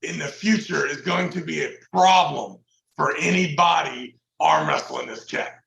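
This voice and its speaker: A man hosts a casual talk show, throwing in hype-man exclamations and stretching out his emphatic lines. His voice sits high and bright, with a gravelly edge, and it rings in a roomy, echoey space. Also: measured pace. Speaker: podcast host. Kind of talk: casual chat about arm wrestling.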